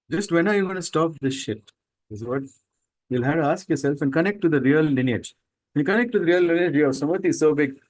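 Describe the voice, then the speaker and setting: Emphatic man, a spiritual teacher on a podcast, with a fairly high voice. He asks many pointed questions and mocks people with quick put-on voices. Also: low-quality recording. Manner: emphatic, full of rhetorical questions. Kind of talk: spiritual talk to students.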